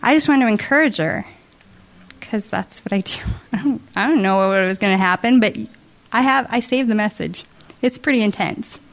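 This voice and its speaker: A woman giving an emotional, halting testimony to a church congregation, tearful and heartfelt. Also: medium pitch. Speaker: church member sharing testimony. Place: church service.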